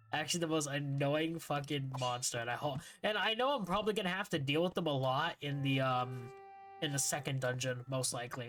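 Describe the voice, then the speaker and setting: A young man streams a game and chats casually, rambling and swearing often as frustration builds. His voice is mid-range and a bit bright.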